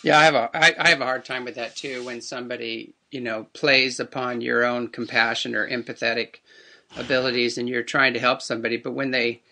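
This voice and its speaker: A man hosts the conversation with a bright, forceful voice, reflecting easily and agreeing with his guest. His pitch sits in an ordinary middle range. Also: little pitch movement, fairly quick, vocal fry, slight background noise. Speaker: host. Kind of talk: casual interview talk.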